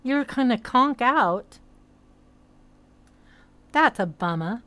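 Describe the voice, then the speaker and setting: Woman streamer, mixed hard-to-place accent, fairly high voice, smooth and clear, rambling casual chatter. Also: animated, slow, a bit bright, no echo. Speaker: streamer and hypnotist. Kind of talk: casual livestream chat. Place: virtual reality social world.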